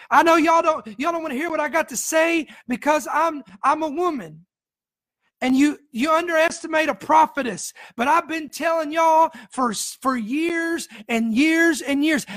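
A preacher in a sermon voicing an elderly widowed prophetess who insists, shouting and pleading, that she has been right all along. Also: high-pitched, no echo, studio quality.

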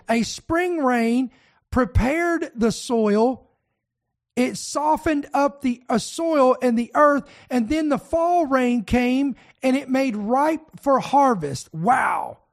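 Preacher, high voice, fervent sermon, reads scripture, exhorts listeners. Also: darkish tone.

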